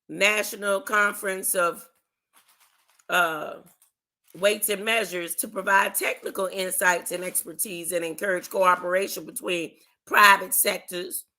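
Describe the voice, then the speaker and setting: A speaker preaching casually on a livestream, often asking "huh?" and reading documents aloud slowly with slangy asides. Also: mid-range voice, sharp tone. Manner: keeps asking "huh?" to the audience, slangy and emphatic. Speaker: religious commentator.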